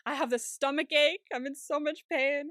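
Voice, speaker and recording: A woman voicing a panicking, dramatic man stuck in traffic, frantic and shouting. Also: sits high, steady tone, normal speed, no echo, studio quality, voice pushed up. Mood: panicky, overwrought.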